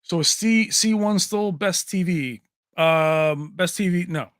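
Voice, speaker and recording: A man chats his way through a casual tech livestream, answering viewer comments and laughing often. His voice sits a little high. It is recorded close on a mic in a dry room with no echo. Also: slow pace, fairly bright tone.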